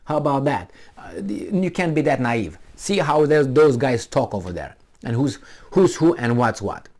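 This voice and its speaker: A man's voice: medium pitch, very animated, normal speed, darkish tone. A man giving a sarcastic, mocking monologue commentary, talking directly to the listener. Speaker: political commentator.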